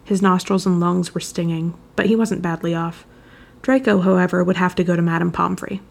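Gravelly, husky woman narrator. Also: on the low side. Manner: steady, measured storytelling. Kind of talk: reading fan fiction aloud.

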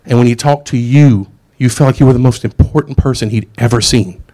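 A man's voice: medium pitch, brisk, mellow. A middle-aged man preaching a sermon in a casual, conversational way, with asides and jokes.

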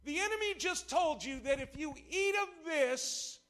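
A man preaching a sermon in church, impassioned and playful with the congregation, swinging from shouts to hushed lows. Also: expressive, a little slow. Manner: impassioned, rising to shouts, then dropping low. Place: church service before a congregation.

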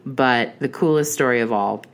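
Very low-voiced chatty woman. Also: normal speed. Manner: chatty, rambling with many restarts and fillers. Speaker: horror podcast host. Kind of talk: casual storytelling.

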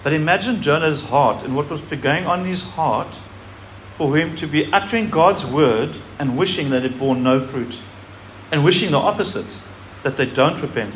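A man's voice: on the high side, a little hiss or hum. A man pastor giving a sermon, reading scripture aloud with emphasis and speaking animatedly to a congregation.

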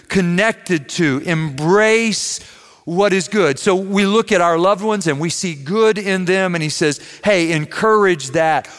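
A man from Missouri preaches in an earnest, conversational way, with a slightly raised voice that carries. He slows down and draws out key words when he wants them to land. The sound has a long reverb tail from a large church room. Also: high voice, fairly bright tone, smooth. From Missouri, USA. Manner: earnest, varies pace, stretches key words for emphasis. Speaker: pastor. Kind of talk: sermon.

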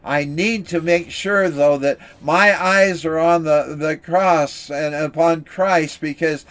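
A man preaching a sermon, telling an illustration story in an earnest, steady way. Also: fairly high pitch, slow. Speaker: pastor.

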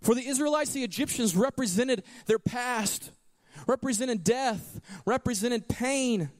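A man's voice: very high-pitched, unhurried, in a large hall. A man preaching a sermon as pastor, telling stories with animation and acting out the lines he quotes. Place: church sanctuary.

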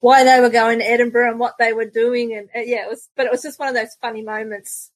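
A woman's voice: on the high side, level tone, fast talker, no echo, poor audio. Chatty Australian woman, laughing storyteller. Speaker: podcast guest. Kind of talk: casual chat.

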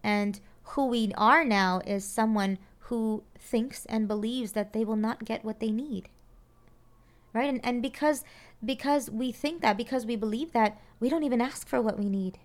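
A woman's voice: on the high side, moderate pace. Earnest woman talking about parenting. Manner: earnest, repeats phrases and checks in with "right?". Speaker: parenting speaker. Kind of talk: reflective monologue on parenting.

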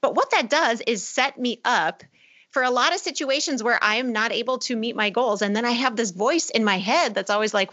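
A woman hosting a faith podcast, speaking in an affirming, energetic way. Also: fairly high pitch, fairly quick, highs cut off. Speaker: podcast host. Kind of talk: faith-based podcast conversation.

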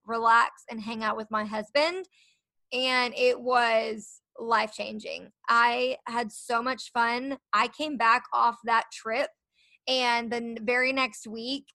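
Bright, earnest woman podcast host. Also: fairly high pitch, dry recording. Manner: earnest, emotional and encouraging. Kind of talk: solo podcast talk.

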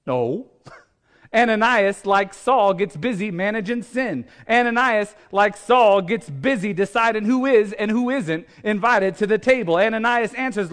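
High-voiced man preaching a sermon. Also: a little slow, a bit bright. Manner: conversational preaching, asks the congregation questions; reads scripture aloud, acting out the speakers' lines. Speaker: pastor.

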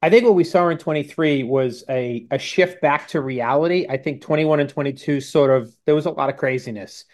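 A man's voice: on the high side, fairly quick, hardly any pauses, darkish tone. A man who is a guest on an interview show, explaining his work in a confident, conversational way over a video call. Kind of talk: interview answers.

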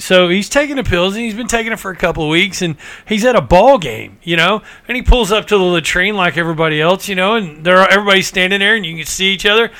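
A man's voice: high voice, expressive, fast, few pauses, bright, forceful tone, clear, resonant tone. A man co-hosting a casual talk show, telling jokes in a laid-back way. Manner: laid-back joke telling, chuckles often. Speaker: co-host.

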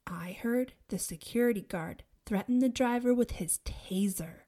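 An eager, gossipy teenage girl leaning in to share the latest news, as a woman reads her in a storybook. She drops toward a hushed, breathy confiding tone. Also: fairly high pitch, unhurried.

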